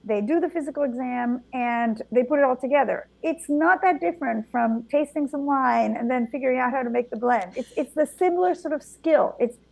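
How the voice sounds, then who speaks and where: A woman's voice: high voice, fairly quick, creaky, few pauses, no room sound, poor audio. A middle-aged woman from Argentina, a native Spanish speaker, telling her stories animatedly in an interview, with frequent restarts. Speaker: guest, vintner and physician. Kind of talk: conversational interview.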